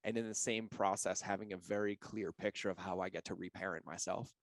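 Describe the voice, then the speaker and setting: A man's voice: low voice, fairly even intonation, fairly quick, dry recording. A man speaking as a podcast guest, earnest and open as he shares personal stories with feeling. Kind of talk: candid interview talk.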